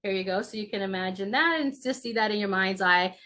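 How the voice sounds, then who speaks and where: A woman shamanic healer gently guiding a virtual group ritual over a video call, encouraging each person and answering with aho. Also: medium pitch, fast talker. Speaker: shamanic healer leading a ceremony.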